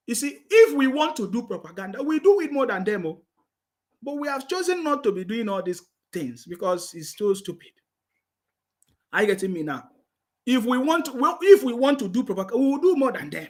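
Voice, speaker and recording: A man's voice: high-pitched, fairly bright tone. A man with a Nigerian accent giving mocking political commentary, repeating himself and laughing with scorn.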